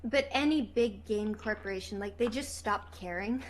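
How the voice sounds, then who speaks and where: A woman's voice: medium pitch, moderate pace, slight background noise. A young woman chatting casually as a guest on a livestream, rambling and gushing, with restarts and fillers. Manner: rambling, gushing, puts on a pleading baby voice at times. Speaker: stream guest. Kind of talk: casual stream chat.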